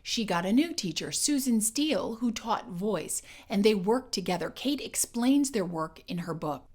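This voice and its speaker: A woman voice coach giving a scripted educational narration in a clear, measured and emphatic way. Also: mid-range voice, expressive, a little mellow.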